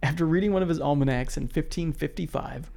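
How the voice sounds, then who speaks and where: A man co-hosting a casual podcast, relaxed as he reads out history facts and then riffs on them. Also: a little high, quick pace, creaky. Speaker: podcast co-host presenting history.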